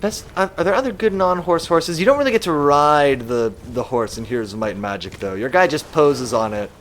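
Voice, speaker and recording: A man's voice: a little high, lively intonation, a little fast, a bit bright, a little hiss or hum. A man casually musing aloud while streaming a game live and reading chat comments.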